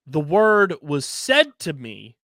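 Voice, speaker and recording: A man, co-hosting a podcast. He talks slowly and tells stories with plenty of swearing. The sound is dry and close, with no room echo. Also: fairly high pitch. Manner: animated storytelling, swearing, spells words letter by letter. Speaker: podcast co-host. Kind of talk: casual podcast banter.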